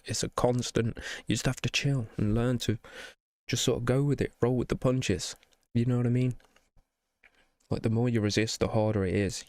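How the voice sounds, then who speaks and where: A man's voice: fairly low pitch, no room sound, studio quality. A man hosting a reaction video, earnest and encouraging, emotional after having cried. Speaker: reaction channel host. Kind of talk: heartfelt reaction video sign-off.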